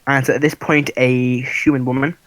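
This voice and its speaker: A man narrates a tabletop game as its game master, chatty and casual with plenty of fillers. His voice is mid-pitched and sounds dry and close. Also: level tone, normal speed, fairly bright tone, no room sound, poor audio.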